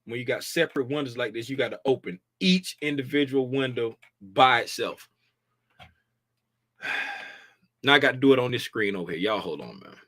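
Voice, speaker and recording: Here a man teaching futures trading talks his way through on-screen charts in a relaxed, conversational style, checking in with "right?" again and again. His mid-range voice is a bit bright and animated, at a normal speed with frequent pauses, yet he comes across tired and draggy. There's no room sound; the audio is clean studio quality.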